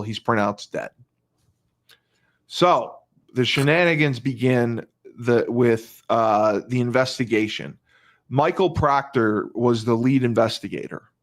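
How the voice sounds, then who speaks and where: A man's voice: medium pitch, a little slow. A male podcast host retelling a crime case in casual talk, emphatic, repeating phrases and restarting often.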